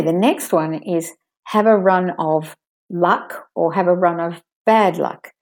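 A woman teaching English pronunciation, modeling sentences slowly and stressing the key words for learners to copy. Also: fairly low pitch, a little mellow.

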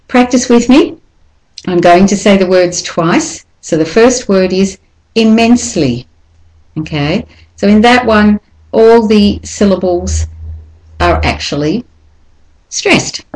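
A woman teaching English pronunciation, speaking carefully and deliberately and repeating each word slowly for the learner. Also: on the low side, a little mellow, low-quality recording. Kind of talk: slow, clear pronunciation lesson.

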